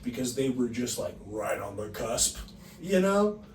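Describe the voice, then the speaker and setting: A young man co-hosting a casual podcast, reading quiz questions in a teasing, animated way and laughing often. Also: medium pitch, unhurried. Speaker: podcast co-host, quiz reader. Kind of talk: casual chat. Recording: echoey room, distant mic, faint noise.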